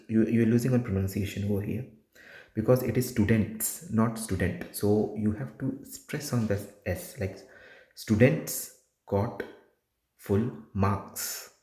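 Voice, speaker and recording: Low, mellow-voiced man coaching. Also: echoey room. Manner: repetitive, emphatic, frequent restarts. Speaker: test prep tutor. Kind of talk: informal exam coaching.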